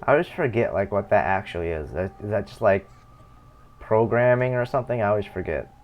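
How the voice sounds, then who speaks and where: A man's voice: lowish voice, expressive, brisk, lo-fi sound, a little hiss or hum. A young man chatting casually on a live game stream, rambling and correcting himself as he plays. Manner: rambling, self-correcting, chuckling. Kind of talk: casual live-stream chat while gaming.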